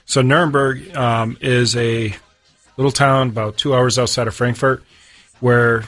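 A man's voice: mid-range voice, fairly even intonation, unhurried, a bit bright, soft background music. A man who owns a brewery, a guest in a casual chat, explaining in a matter-of-fact way.

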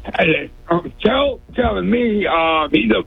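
A man's voice: high voice, lively intonation, takes it slowly, creaky, slightly rough. A man calling in to a radio show, rambling through a long story and stammering as he repeats himself. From New York City. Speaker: caller. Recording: tinny phone line.

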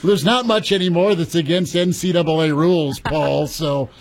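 A man's voice: fairly high pitch, normal speed, a little hiss or hum. A man hosting a sports talk radio show, chatty and easygoing, laughing and restarting his phrases.

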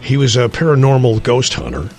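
A man's voice: mid-range voice, very animated, a little fast, a little mellow, faint music behind. A man hosting a radio show, reading the weather and chatting in a rambling, jokey way. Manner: rambling, jokey, self-interrupting. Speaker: radio morning show host. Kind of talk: casual radio banter and weather.

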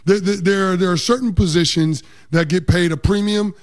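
A man's voice: high voice, fairly even intonation, moderate pace. A man co-hosting a sports talk show as its football analyst, explaining with confidence and often saying "like.".

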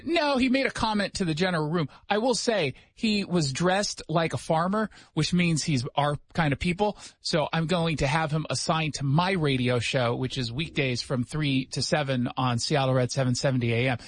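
Sarcastic high-voiced male radio host. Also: dry recording. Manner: sarcastic, joking, quick asides. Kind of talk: casual talk show banter. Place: radio studio.

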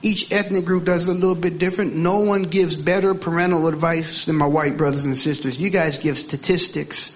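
A man's voice: on the high side, steady tone, fairly quick, few pauses. A man doing stand-up comedy, with punchy jokes and rhetorical questions aimed at the crowd.

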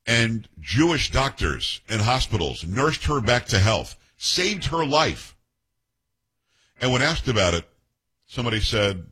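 Husky-voiced male radio talk host. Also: medium pitch, big pitch swings, a little slow, bright, forceful tone. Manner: opinionated, emphatic, tells stories in character voices.

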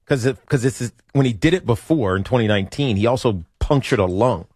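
A man co-hosting a sports talk show, explaining his points in a measured way. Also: medium pitch, lively intonation, darkish tone, breathy edge, no echo, studio quality. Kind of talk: sports talk radio chat.

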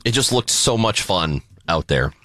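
A man from Southern Illinois hosting a radio show, chatting casually and telling animated stories with laughter. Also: sits low, normal speed, no echo, studio quality. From Southern Illinois, USA.

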